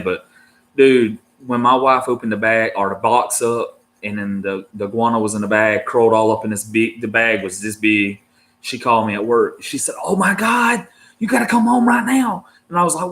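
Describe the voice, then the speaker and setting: A man's voice: lowish voice, fairly bright tone. A married man chatting casually to his viewers as a reptile keeper, with a laid-back, slangy way of talking full of "dude" and "man". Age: adult, married. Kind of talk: casual rambling chat to viewers.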